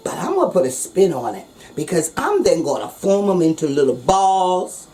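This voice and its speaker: A woman's voice: fairly low pitch, sing-song, normal speed, dark tone. Playful woman hosting a cooking vlog. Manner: playful, jokey, slangy. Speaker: cooking show host. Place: kitchen. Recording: noisy background.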